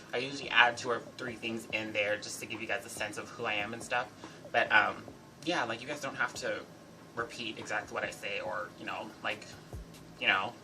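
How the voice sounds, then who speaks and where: A man's voice: fairly low pitch, low-quality recording. A young American man with a faint English lilt that slips in and out, ranting casually in a chatty, sassy way. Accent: American with a slight fading English lilt. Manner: chatty, sassy, with many "like"s and "you know"s. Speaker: regular member of a group vlog channel. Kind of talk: casual rant vlog.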